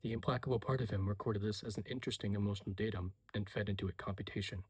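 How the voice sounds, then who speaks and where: A man giving a soft-spoken, hushed reading as whispered role-play. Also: lowish voice, steady tone, rapid-fire, slightly rough, no room sound. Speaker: reader.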